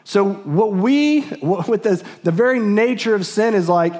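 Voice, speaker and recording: Male pastor, middle-aged, earnest sermon, slightly high voice, repeats himself. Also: expressive, normal speed, a little mellow. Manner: earnest, repetitive, with restarts and laughs. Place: church sanctuary.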